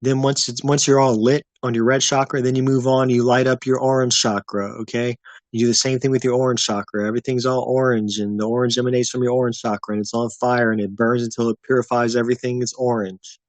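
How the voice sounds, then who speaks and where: Male streamer, mid-pitch, easygoing rambling chat, dry close sound. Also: little pitch movement, quick pace, no echo. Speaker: livestream host. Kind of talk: casual livestream chat with viewers.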